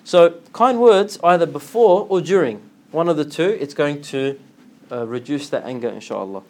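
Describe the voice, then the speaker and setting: A man giving an informal religious talk, telling a story with lively acted-out dialogue and frequent laughter. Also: a little high, normal speed. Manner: animated storytelling, acts out dialogue, laughs often. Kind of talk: informal religious lesson with anecdote.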